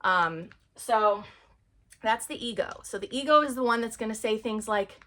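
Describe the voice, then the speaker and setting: A woman's voice: fairly high pitch, normal speed, bright, forceful tone. A young adult woman giving an earnest, rambling self-help talk to camera, with lots of fillers. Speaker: vlogger.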